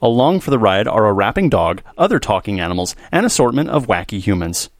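Low-voiced man, wry and dismissive. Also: sing-song, fairly quick, no room sound. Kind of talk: casual chat.

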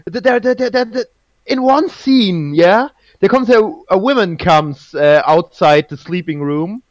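Slow, halting man with a dry voice. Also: high-pitched, expressive, dry recording. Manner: halting, repeats words, laughs often. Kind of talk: casual chat.

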